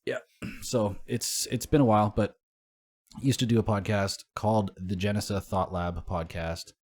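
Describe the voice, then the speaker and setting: A laid-back man from Canada co-hosting a casual podcast, teasing his partner and letting his sentences trail off quietly. His voice sits fairly low and he speaks easily. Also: steady tone, moderate pace. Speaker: podcast co-host, music promoter.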